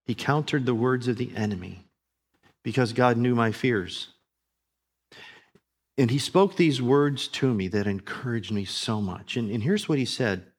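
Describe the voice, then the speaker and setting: A man in his fifties preaching a sermon as pastor, swinging between loud, emphatic declarations and quiet, low asides. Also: husky.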